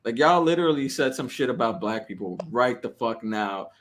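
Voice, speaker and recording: A man in casual podcast chat, telling stories in an animated, profane way. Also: mid-range voice, moderate pace, slight background noise.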